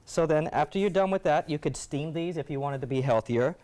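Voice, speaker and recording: A chef demonstrating a recipe on a TV show set, relaxed and chatty. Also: medium pitch, a little fast, a loud crowd. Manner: relaxed, chatty, laughs easily. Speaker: chef doing a cooking demo. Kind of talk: casual TV cooking demonstration. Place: TV studio kitchen set.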